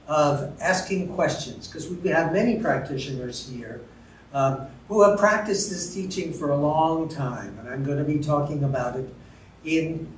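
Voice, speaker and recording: A man speaking to a congregation as practitioner at a spiritual center, earnest and unhurried with some fillers, heard from a distance. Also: a little high. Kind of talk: sermon to a congregation. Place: church hall. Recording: roomy distant sound with faint noise.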